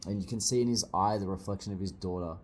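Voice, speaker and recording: A young man reading a manga aloud and reacting, excitable, swearing often and bursting into loud exclamations. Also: low-pitched, quick pace, a little hiss or hum. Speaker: manga reviewer.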